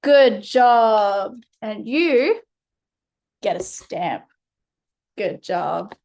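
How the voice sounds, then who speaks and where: A woman's voice: medium pitch, animated, extremely slow, creaky, a little mellow. An Australian woman tutoring a child through a phonics lesson, patient and encouraging. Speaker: reading tutor.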